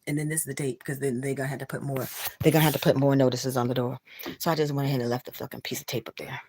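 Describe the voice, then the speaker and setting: Low-voiced woman ranting on a livestream. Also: vocal fry, a little mellow, a little hiss or hum. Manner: profane, blunt, ranting; talks straight to viewers. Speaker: livestream host. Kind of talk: casual venting livestream.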